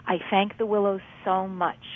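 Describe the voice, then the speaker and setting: A woman's voice: mid-range voice, level tone, normal speed, a little hiss or hum. A woman hosting a radio talk show, interviewing a guest and then wrapping up with plugs and sign-offs. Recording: tinny phone-line sound.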